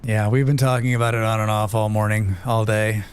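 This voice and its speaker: A man's voice: fairly low pitch, little pitch movement, brisk, clear, resonant tone. A man streaming a game, chatting casually with viewers, swearing freely and laughing often. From United States. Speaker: livestreamer. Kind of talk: casual chat while playing, reading chat aloud.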